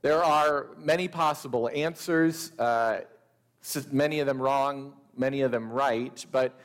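Guy preaching slow and careful, cracks a dry joke now and then, big echoey church. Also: medium pitch, fairly even intonation. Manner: slow, deliberate delivery with wry asides. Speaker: pastor. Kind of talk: sermon.

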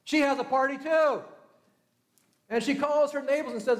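A man's voice: very high voice, brisk, long pauses, roomy sound. A man from Southern California preaching a sermon, telling stories and acting out the voices of the people in them. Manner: storytelling, acting out voices, shifts from lively to hushed. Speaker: pastor.

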